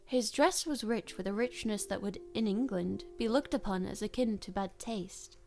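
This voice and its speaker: Relaxed woman reading a story aloud. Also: medium pitch, moderate pace, gravelly, faint music behind. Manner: relaxed, stumbles and corrects herself.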